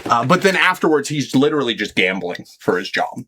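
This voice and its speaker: A man's voice: mid-range voice, sing-song, fairly quick, noisy background. A man co-hosting a podcast, casually retelling a comic story with laughs and quoted lines. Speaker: podcast co-host. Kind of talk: casual chat recapping a comic.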